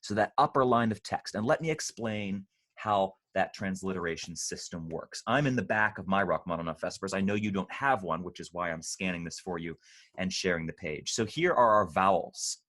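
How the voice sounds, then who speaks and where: A man leading an online choir rehearsal, patiently explaining pronunciation and slowly demonstrating sounds. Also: low-pitched, animated, a bit bright. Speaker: choir director.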